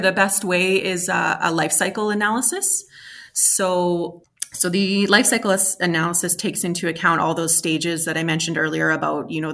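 A woman's voice: deep voice, pushed and bright. A woman, a guest expert, explaining building emissions in a conversational interview with many fillers and restarts.

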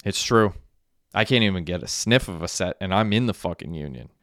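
A man's voice: deep voice, expressive, fairly quick, a bit bright, no echo, studio quality. A man reading the lines of a blunt, foul-mouthed young man in an audiobook.

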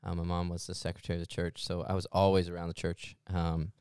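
Deep, smooth-voiced joking worship leader. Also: male voice, completely flat delivery, fast, a little mellow, dry recording, studio quality. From Mesa, Arizona. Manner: playful, joking. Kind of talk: casual podcast conversation.

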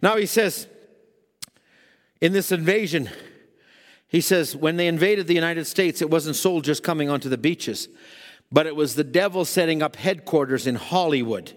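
High-voiced fervent male preacher, echoing hall. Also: normal speed. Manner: fervent, swings from hushed to shouting. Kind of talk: sermon. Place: church. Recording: long hall reverb.

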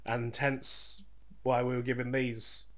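A man's voice: mid-range voice, level tone, takes it slowly, a bit bright. Sardonic man in laid-back chat. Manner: laid-back, sardonic, swears, laughs often. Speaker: podcast co-host. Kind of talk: casual chat.

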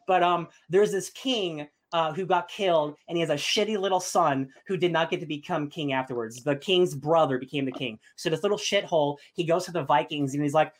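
A young man chatting casually as a podcast host, gushing and excitable with lots of fillers. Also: a little high, fairly quick. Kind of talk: casual chat.

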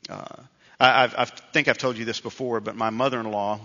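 Middle-aged male pastor, bright voice, easygoing storytelling sermon, dull hall recording. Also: medium pitch, steady tone, brisk. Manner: conversational storytelling preacher, self-deprecating. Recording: dull reverberant hall sound.

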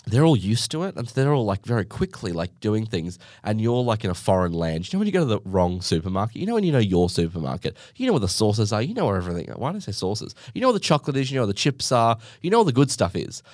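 A man's voice: on the low side, very animated, fast, hardly any pauses, darkish tone, dry recording, clean studio sound. A man hosting a podcast, telling comic stories in a rambling way, full of asides and jokes at his own expense. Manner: rambling, with many asides and self-mocking jokes. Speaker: podcast host. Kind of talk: casual comedic storytelling monologue.

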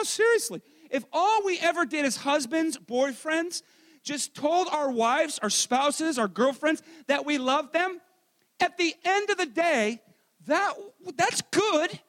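A married man preaching a sermon with loud, energetic delivery, dropping into quiet self-mocking asides. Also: extremely high pitch, unhurried, in a large hall. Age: adult, married. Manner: swings between shouting and quiet asides. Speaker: pastor.

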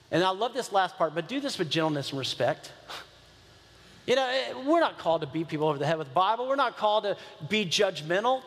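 High-voiced pastor preaching in a reverberant hall. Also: male voice. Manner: conversational and earnest, repeats key phrases for emphasis. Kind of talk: sermon. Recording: long reverb of a large hall.

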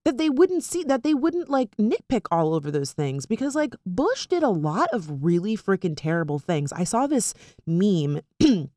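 A woman's voice: mid-range voice, very animated, normal speed, warm tone, dry recording. A woman chatting casually and animatedly about politics, sarcastic and full of fillers.

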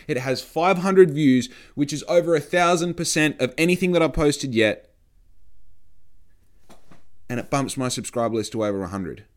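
A man casually vlogging to camera, blunt and sarcastic, swearing freely, recorded on a phone mic. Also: medium pitch. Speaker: podcaster and vlogger. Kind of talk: casual talking-to-camera vlog. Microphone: phone microphone.

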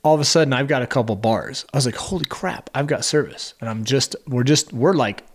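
A man's voice: mid-range voice, a little fast. A man co-hosting a podcast, telling a hiking story in casual chat and acting out what people said. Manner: animated storytelling, acts out quotes. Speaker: podcast co-host.

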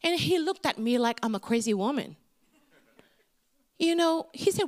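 Brief: woman, middle-aged guest preacher, high voice, lively and expressive. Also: moderate pace. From Indonesia. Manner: animated storytelling with big pitch swings. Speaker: guest speaker. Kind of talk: sermon.

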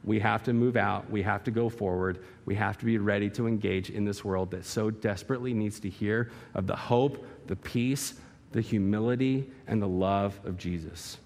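A man's voice: fairly low pitch, fairly even intonation, moderate pace, darkish tone. A male pastor preaching a sermon in a church hall, emphatic and full of rhetorical questions and vivid illustration.

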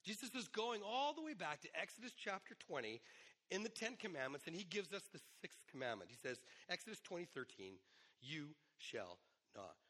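A middle-aged male pastor preaching a sermon, hoarse today, in a conversational way with asides. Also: high-pitched, very animated, brisk, bright, forceful tone.

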